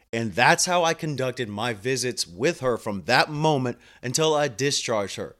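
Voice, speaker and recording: A man's voice: medium pitch, animated, a little slow, hardly any pauses, a bit bright. A man telling a story about his patients in a blunt, emphatic, casual monologue. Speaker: home health clinician.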